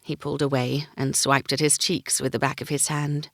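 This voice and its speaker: A woman's voice: very deep voice, little pitch movement, moderate pace, no echo, studio quality. A woman narrating a first-person fantasy audiobook, giving each character a voice.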